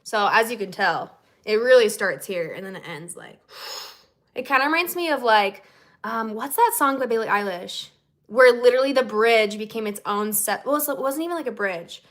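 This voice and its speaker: A woman's voice: on the high side, lively intonation, normal speed, a bit bright. A woman singer-songwriter chatting casually with her fans on a livestream, bubbly and chatty, with lots of "like" and "okay?".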